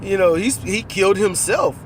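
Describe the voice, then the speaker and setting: A man in casual, animated conversation about a movie, riffing with profanity and acting out lines while riding in a car. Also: high-pitched, moderate pace, a little hiss or hum. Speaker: co-host.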